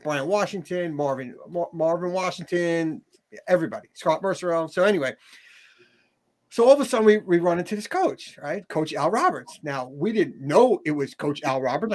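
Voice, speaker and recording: A middle-aged man telling a story in a casual interview, animated, acting out the people he quotes, with frequent restarts. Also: fairly high pitch.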